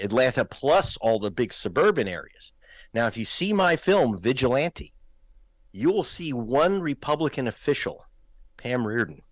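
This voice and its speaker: A man's voice: on the low side, dry recording. A man, a guest filmmaker, talking in a political talk show, emphatic and pointed, raising his voice to stress points.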